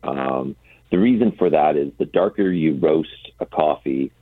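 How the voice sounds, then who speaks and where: A man's voice: very deep voice, unhurried, no echo. A man on a phone line, a coffee roaster being interviewed as a radio guest, explaining at length with frequent ums. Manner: explanatory, hesitant with many ums. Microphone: telephone.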